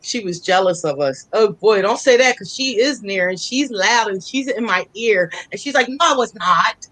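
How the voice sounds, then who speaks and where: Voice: medium pitch, expressive, normal speed, fairly bright tone, rough recording. Chatty psychic co-host, mid-range voice, laughs easily while passing on spirit messages. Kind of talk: casual live psychic reading.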